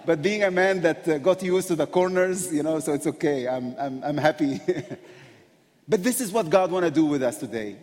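A man's voice: a little high, moderate pace, darkish tone. A man preaching as a guest speaker, passionate and emotional, often breaking into laughter between phrases. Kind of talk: sermon. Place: church sanctuary. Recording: long reverb of a large hall.

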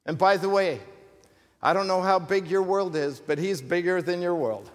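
Preacher, man, slightly higher voice, chatty sermon delivery, church hall reverb. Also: moderate pace. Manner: conversational preaching with asides and humor. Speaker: pastor. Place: church sanctuary.

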